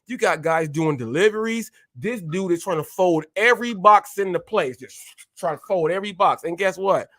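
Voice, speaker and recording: A man's voice: high-pitched, animated, moderate pace, a bit bright, no room sound, studio quality. A man hosting a casual live stream, talking to his viewers in a preachy way and calling them "people" again and again. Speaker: show host.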